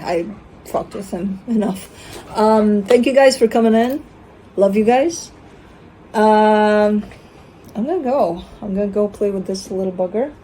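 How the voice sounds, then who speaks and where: A woman vlog host talks casually in a soft, mellow voice. She often breaks into sing-song baby talk, teasing her dog in swooping tones. Faint noise sits behind her. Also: medium pitch, rough recording. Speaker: tarot reader and channel host.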